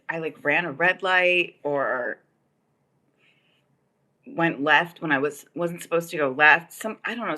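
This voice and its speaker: A woman with a low-pitched, sharp-toned voice hosts a casual livestream from the Los Angeles area. She tells a long personal story in a rambling way, packed with "like" and "um."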